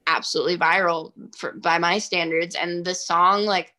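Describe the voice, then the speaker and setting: In a casual interview, this woman in her twenties, a singer-songwriter, chats animatedly at normal speed with a voice on the low side. Her stories are packed with fillers, especially "like."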